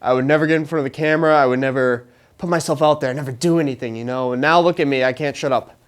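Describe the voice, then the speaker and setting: A young college man hosts a live show in front of an audience, delivering a rambling, jokey stand-up style monologue and laughing through his lines. His voice is mid-range, fast, clear, and resonant, with fairly even intonation.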